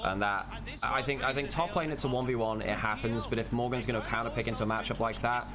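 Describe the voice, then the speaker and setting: A man's voice: medium pitch, fairly even intonation, quick pace, over music. A man co-hosting a live esports stream, chatting loosely with restarts and asides to chat.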